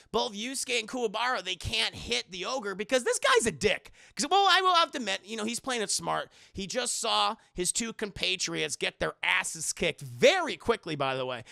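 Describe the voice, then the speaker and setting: A man's voice: sits high, vocal fry, no room sound, studio quality. A man recapping an anime episode for his live chat, swearing freely and acting out the characters as he goes. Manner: profane, animated, acts out every character. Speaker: anime reviewer.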